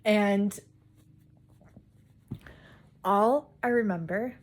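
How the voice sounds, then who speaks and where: A woman's voice: medium pitch, very slow. A woman vlogger casually telling a personal story, rambling with many "like"s and restarts.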